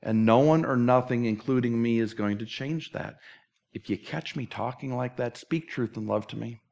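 A man preaching a sermon as pastor, earnest and candid, moving from animated talk to a hushed closing prayer. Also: mid-range voice, normal speed, gravelly, dull audio.

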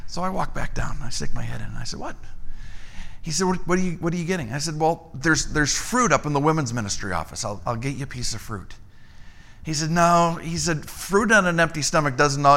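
A man preaching a sermon, telling a story and acting out the dialogue in a lively voice. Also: a little fast. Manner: animated storyteller, acts out dialogue with rising pitch. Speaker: pastor.

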